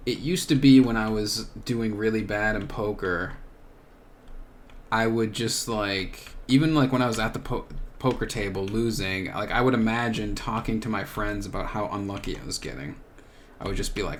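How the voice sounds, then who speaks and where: A young man hosting a solo podcast, thinking out loud in a searching, rambling way with many filler words. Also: on the low side, normal speed, a little hiss or hum. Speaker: podcast host. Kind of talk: reflective solo monologue.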